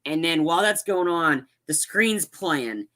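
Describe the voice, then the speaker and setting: Casual podcast co-host, male, tense bright tone, slightly high, rambles and backtracks with plenty of fillers. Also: lively intonation, measured pace. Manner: rambling, many fillers and restarts. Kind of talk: casual movie chat.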